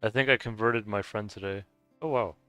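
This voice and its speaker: Rambling, stammering man with a bright voice. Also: on the low side, moderate pace, no room sound, soft background music. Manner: rambling, stammering restarts, laughs often. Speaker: streamer. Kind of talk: casual chat with viewers while gaming.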